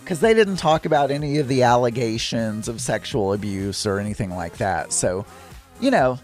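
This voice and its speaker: Middle-aged guy rambling thru a story, real animated voice, kinda exasperated, little music in the back. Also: mid-range voice, moderate pace. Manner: chatty, rambling, exasperated asides. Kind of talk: casual storytelling monologue.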